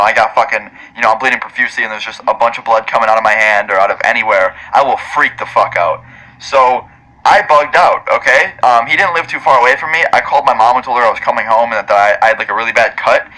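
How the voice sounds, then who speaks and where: A man's voice: medium pitch, bright, forceful tone, low-quality recording. A young man telling a story to his viewers in a casual, profane, rambling way, full of fillers and asides. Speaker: storytime vlogger.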